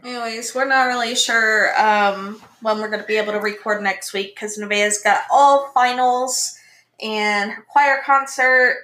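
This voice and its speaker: Woman co-host, easygoing, a bit high, roomy echo. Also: steady tone, measured pace, pushed and bright. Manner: easygoing, laughs along. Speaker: podcast co-host. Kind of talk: casual family chat.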